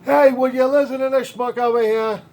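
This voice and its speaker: A man's voice: very high-pitched, steady tone, normal speed, a little mellow, voice pushed up. A man voicing God as a rude, wisecracking burning bush with a New York accent. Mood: impatient mocking. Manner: rude, impatient, mocking.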